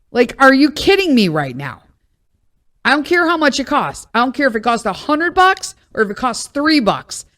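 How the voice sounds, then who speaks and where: A woman's voice: high voice, sing-song, normal speed, a bit bright. A woman, hosting a podcast and venting bluntly in a casual, exasperated monologue, swearing freely. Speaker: podcast host.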